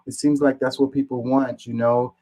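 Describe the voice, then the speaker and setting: A man's voice: mid-range voice, little pitch movement, normal speed, mellow, rough recording. A man reading online comments aloud and answering them in an exasperated, casual rant, swearing and firing off rhetorical questions.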